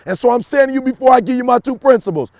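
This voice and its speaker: High raspy preaching man, shouting pep talk. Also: very fast, no room sound. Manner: preachy, repetitive, swings from shouting to low confiding tones. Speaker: motivational speaker. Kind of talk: motivational pep talk to camera.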